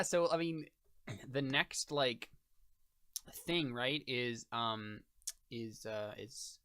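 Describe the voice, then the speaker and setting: A man's voice: medium pitch, sharp tone, clean tone. A man narrating as game master of a tabletop role-playing game, rambling with lots of fillers and restarts.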